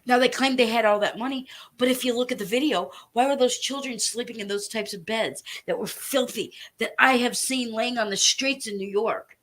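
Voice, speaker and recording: Here the female commentator fires off a profanity-laced, angry rant to camera, threatening and emphasizing her points forcefully. Her voice is a little high and a bit bright, moving at normal speed with few pauses.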